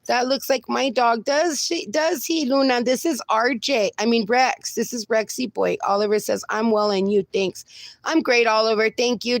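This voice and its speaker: A woman hosting a casual livestream from home, reading out viewer comments and greeting each person warmly with pet names like darling. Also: mid-range voice, no room sound. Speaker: livestream host. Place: home with dogs.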